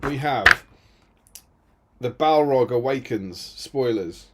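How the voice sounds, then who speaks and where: A man's voice: mid-range voice, lively intonation, slow, very noisy. A man from Britain co-hosting a tabletop gaming live stream, chatting casually with dry, self-mocking humour.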